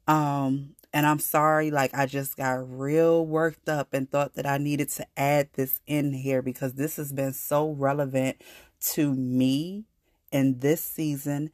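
A woman hosts her own faith-centered podcast, speaking in a low, unhurried voice. She talks earnestly and casually to her listeners, turning emphatic when she declares what she believes. The recording is dry, with no room sound. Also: dry recording. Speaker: podcast host.

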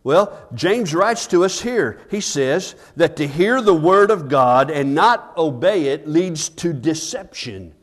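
A pastor delivers an earnest sermon at a church service in a voice on the high side, with lively intonation, a slow pace and few pauses. He asks the congregation "Amen?" and lowers to a hushed voice when he tells stories.

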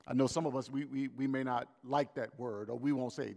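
A man preaching a sermon as pastor, emphatic and animated, repeating his points for effect. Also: mid-range voice, brisk, vocal fry, in a large hall.

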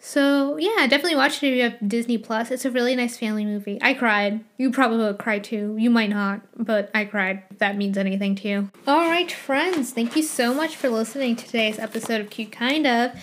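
A woman's voice: on the high side, brisk, few pauses. A young woman hosting her own podcast, chatting casually and gushing with frequent laughs. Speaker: podcast host. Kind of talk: solo podcast chat.

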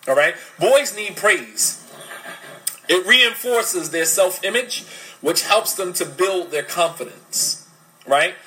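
A man's voice: sits high, pushed and bright, low-quality recording. A man giving a religious lecture on parenting, emphatic and full of rhetorical questions. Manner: switches to fast Arabic recitation. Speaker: Islamic lecturer.

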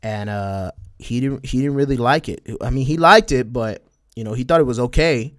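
A man's voice: mid-range voice, fairly bright tone. Rambling man with a Texas border twang. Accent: West Texas border, Spanish-tinged. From El Paso, Texas. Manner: rambling, halting, many fillers and restarts. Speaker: podcast host. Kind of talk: casual solo podcast talk.

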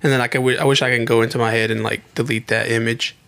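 A young man co-hosting a podcast, talking in a quick, slangy way in casual chat. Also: mid-range voice, level tone, gravelly, pushed and bright. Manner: quick, slangy, says bro a lot. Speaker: podcast co-host.

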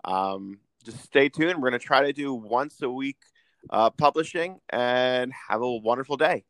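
A man's voice: medium pitch, a little slow, no room sound, rough recording. A man co-hosting a casual podcast chat, chatty, often stumbling and repeating his words. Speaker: podcast co-host.

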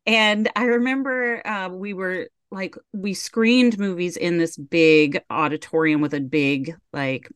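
Lower-voiced woman podcaster, dry sound. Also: measured pace, few pauses, clean tone, no room sound. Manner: relaxed, rambling anecdotes with restarts. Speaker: podcast co-host. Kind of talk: casual chat and storytelling.

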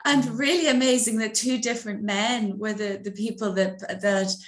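A woman's voice: medium pitch, fairly even intonation, normal speed, reverberant. A woman co-hosting a podcast, chatting casually and affirming her guest, often restarting her sentences. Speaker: podcast co-host. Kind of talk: casual conversation.

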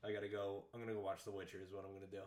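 A young man co-hosting a podcast, talking in a crude, animated, joking way. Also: fairly low pitch, rapid-fire, noisy background. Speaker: podcast co-host. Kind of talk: casual chat.

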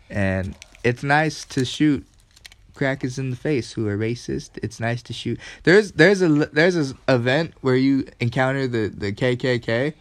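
A man co-hosting a casual podcast, talking loosely with lots of swearing and laughter. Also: medium pitch. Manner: loose, profane, laughs a lot. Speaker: podcast co-host. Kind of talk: casual chat.

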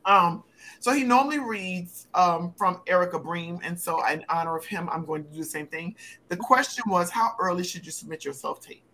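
A woman co-hosting a podcast for actors, chatting casually and telling lively, slangy stories. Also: on the low side, normal speed, a little hiss or hum. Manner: lively storyteller, slangy, laughs often. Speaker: podcast co-host. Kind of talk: casual chat.

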